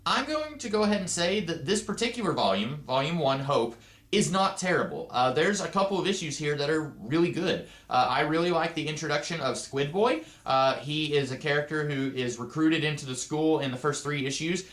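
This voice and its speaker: A man's voice: on the high side, expressive, a little fast, fairly bright tone, reverberant. A man giving a casual, rambling comic book review with many asides and fillers.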